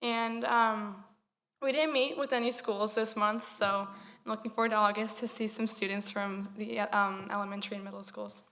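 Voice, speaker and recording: A teenage girl speaks casually at a board meeting. She is enthusiastic and says "like" often. Her pitch stays flat throughout. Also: moderate pace. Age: teens. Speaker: student representative. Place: school board meeting room.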